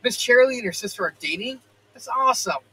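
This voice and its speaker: A man's voice: very high-pitched, expressive, fairly quick, bright, forceful tone, slightly rough, voice pushed up, full character voice, rough recording. A man reading as a brash tomboy filly. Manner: cocky and jumpy.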